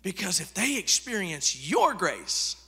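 Casting: male pastor preaching, very bright, ringing voice, long hall reverb. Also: high voice, sing-song, a little slow, gravelly, husky. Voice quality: conversational, swings from hushed to loud. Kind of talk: sermon.

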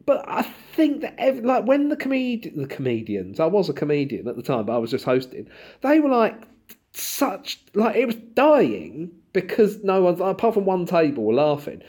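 A man from Southend, a comedian, chatting casually and acting out exchanges in animated anecdotes. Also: sits high, normal speed, breathy edge. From Southend, England. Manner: animated storytelling, acts out dialogue. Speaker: comedian and podcast host. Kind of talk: casual chat.

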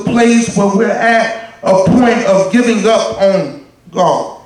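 A man preaching a sermon with impassioned shouts, repeating words in bursts. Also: sits high, takes it slowly. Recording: echoey hall from far off, congregation.

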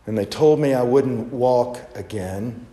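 A male pastor voicing a heartbroken middle-aged former golf pro who speaks in a quiet, halting, emotional way. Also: medium pitch, pitched below the performer's own voice, lightly acted. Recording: echoey hall with long reverb.

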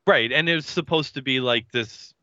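A man co-hosting a podcast, chatting casually with quick agreements and wry jokes. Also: medium pitch, bright, forceful tone, dry recording. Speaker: podcast co-host. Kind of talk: casual recap chat. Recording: dull lo-fi mic.

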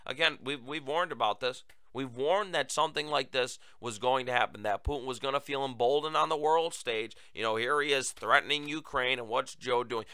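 A man's voice: medium pitch, normal speed, few pauses, pushed and bright, smooth, no echo, studio quality. A male talk show host giving political commentary in a sarcastic, emphatic, mocking way.

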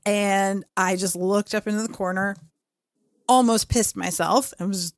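A young woman co-hosting a podcast tells a story in casual chat, animated and full of fillers as she acts out her own reactions. Her voice is medium-pitched and a little slow.

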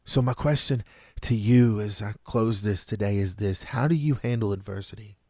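A man preaching a sermon in an earnest, measured way, with dramatic pauses. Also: fairly low pitch, dark tone, no room sound, clean studio sound.

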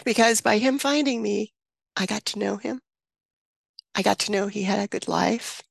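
A woman in her seventies, a guest on an interview show, recounting a personal story in an earnest, reflective way with frequent pauses and restarts. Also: medium pitch, gravelly, breathy edge, dry recording, studio quality. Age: 70s. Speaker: interview guest, birth mother and author.

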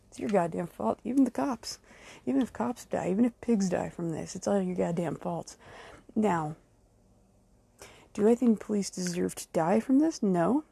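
A woman hosts her own podcast with a blunt, furious solo rant, swearing at every turn and speaking straight to her critics. Her voice is gravelly and husky with a warm, dark tone. The sound is dry, with no room echo. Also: medium pitch. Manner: angry and profane, swearing heavily. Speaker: podcast host.

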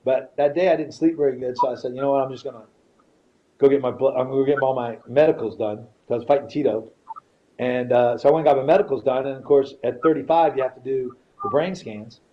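A man's voice: mid-range voice, steady tone, quick pace, dull audio, a little hiss or hum. A man, a retired fighter, is a podcast guest telling a story casually in blunt, profane language and often repeats himself.

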